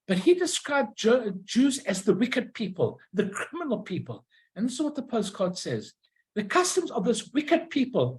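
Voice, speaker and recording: A presenter giving an informal illustrated talk on old stamps and postcards, pausing often, restarting phrases and correcting themselves. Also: mid-range voice, a little mellow, rough recording. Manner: halting, many restarts and self-corrections.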